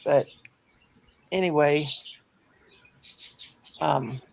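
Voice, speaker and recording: A woman with a lowish, heavily gravelly voice chats easily, spinning a story. A faint hiss of noise sits behind her on the stream. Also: very slow, darkish tone. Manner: chatty storyteller. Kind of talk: casual chat.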